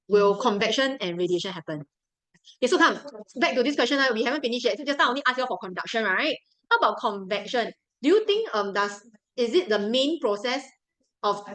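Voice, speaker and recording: A woman's voice: on the high side, fairly bright tone, rough recording. A young woman with a Singaporean English accent teaching a live science revision class, chatty and repeating key points to coax her students along. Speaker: science tutor.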